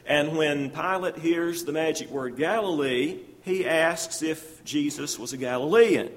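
A man's voice: a little high, measured pace, long reverb tail. A man preaching a sermon, reading scripture aloud and explaining it verse by verse, acting out the speakers' lines as he goes.

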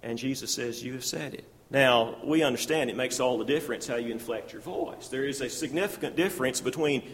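A man's voice: mid-range voice, brisk, in a large hall. A man preaching a sermon, reading scripture aloud and explaining it verse by verse, acting out the speakers' lines as he goes.

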